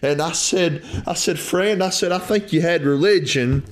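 A man with a rural Southern accent delivers a fervent sermon. His voice sits a little high and keeps rising and dropping. He sounds folksy and direct. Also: normal speed. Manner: fervent, swings high and low in pitch, folksy repeated "friend". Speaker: preacher.

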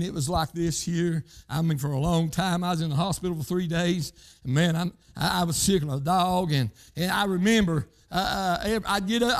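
A man with a drawl delivers a sermon in a high, light voice. He preaches fervently, punctuating lines with repeated interjections. His delivery leaps from shouting to near-murmured phrases. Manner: fervent, repeated "hey" interjections, swings between loud shouts and low quiet lines.

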